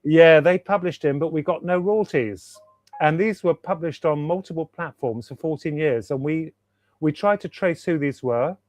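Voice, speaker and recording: A man's voice: fairly high pitch, moderate pace, a little mellow, dry recording. Enthusiastic man, rambling on a call. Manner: enthusiastic, rambling, repeats himself for emphasis. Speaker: guest author. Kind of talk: casual interview chat. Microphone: video call.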